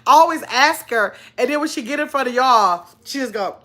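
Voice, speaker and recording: A woman's voice: high-pitched, animated, moderate pace, a bit bright. A middle-aged woman hosting a casual livestream chat, telling stories and reading viewer comments aloud with frequent laughter. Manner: chatty storyteller, reads viewer comments aloud, laughs often. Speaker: channel host.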